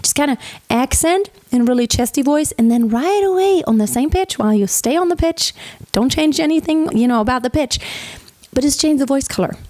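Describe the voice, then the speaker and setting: High-voiced woman teaching singing. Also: animated, a little fast, darkish tone, no room sound. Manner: explains then sings examples, light flowing delivery. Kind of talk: vocal lesson with sung demonstrations.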